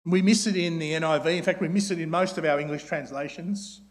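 A preacher with a strikingly high, fairly even voice delivers a sermon, firing rhetorical questions at the congregation and often closing points with a quick "isn't it?". When quoting a plea or prayer, he turns soft and slows way down.

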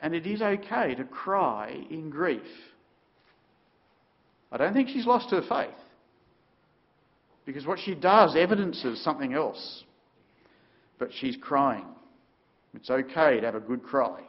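A man preaching a sermon, telling the story dramatically with sudden shifts between loud and quiet. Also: fairly high pitch, expressive, slow, pauses often, muffled recording.

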